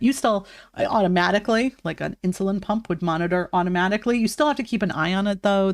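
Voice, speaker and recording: Woman streamer, casual live chat, mid-pitched, chatty filler talk, dry close sound. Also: no echo. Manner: chatty, fills with "like", bursts into high greetings.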